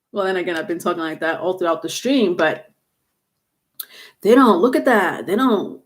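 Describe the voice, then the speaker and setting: A woman doing a live tarot reading, talking casually, halting and repeating words, with some swearing. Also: on the low side. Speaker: tarot reader.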